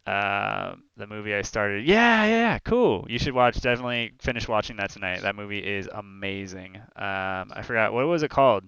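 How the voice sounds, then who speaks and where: With a lowish, creaky yet clear and resonant voice, a young man talks a little fast and barely pauses, recorded without room sound and with the highs cut off. As co-host of a streamed talk show, he chats casually, rambling through animated stories full of fillers.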